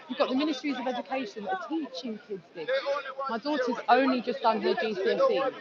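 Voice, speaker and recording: At an outdoor speakers' gathering in a busy public park, a Scottish woman in her forties argues her case in an animated, conversational way full of mocking asides. Her voice is a little high, and the dull-sounding recording is surrounded by loud crowd chatter.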